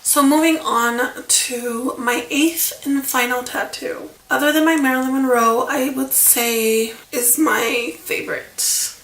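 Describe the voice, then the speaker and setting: Brief: higher-pitched woman vlogger, rambling casual storytime, echoey room. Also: steady tone, takes it slowly, few pauses, fairly bright tone. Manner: rambling, chatty, many fillers and asides. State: emotional, near tears.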